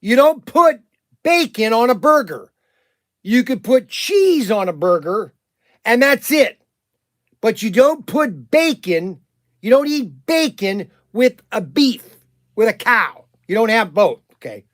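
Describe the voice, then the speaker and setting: A man hosting a casual livestream, rambling and animated with many restarts and fillers, talking up his shop plans. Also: high voice, slow pace, no room sound, studio quality. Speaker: livestream host and shop owner.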